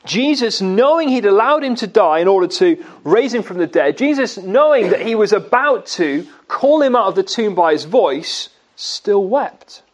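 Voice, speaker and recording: A man preaching a sermon, asking his listeners questions and answering them himself, and slowing down to stress key words. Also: high voice, animated, muffled recording. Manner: slow, emphatic delivery on key words.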